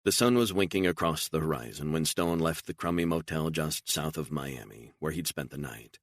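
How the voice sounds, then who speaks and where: A man with a gravelly voice reading a thriller audiobook in a steady, even way. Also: extremely low pitch, moderate pace, no room sound, clean studio sound. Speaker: audiobook narrator. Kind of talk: scripted narration.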